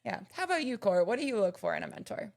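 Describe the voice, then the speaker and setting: A woman's voice: medium pitch, big pitch swings, fast talker, gravelly, a little mellow. A woman co-hosting a podcast, giving encouraging advice in casual chat. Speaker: podcast co-host.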